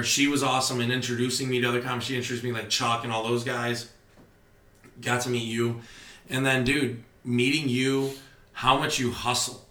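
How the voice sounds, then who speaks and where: A young man, a stand-up comedian, telling stories in casual podcast chat, animated and swearing freely. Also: medium pitch, echoey room. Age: young adult. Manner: animated storytelling, heavy swearing.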